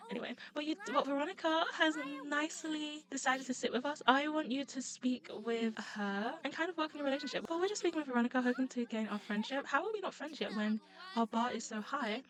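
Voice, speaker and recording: A young woman talks through a life-sim game in a loose, rambling commentary. Her voice sits a little high, and she keeps breaking into giggles and bursts of excited squealing. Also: a little fast, rough recording. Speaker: gaming YouTuber. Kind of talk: casual let's-play commentary.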